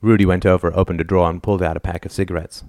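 Low-voiced male audiobook narrator. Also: flat delivery, rapid-fire, a little mellow, no echo, studio quality.

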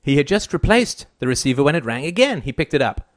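Male audiobook narrator, lively pitch, character voices, dry close recording. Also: fast talker, dry recording. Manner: stammering, voices each character. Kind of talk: scripted narration.

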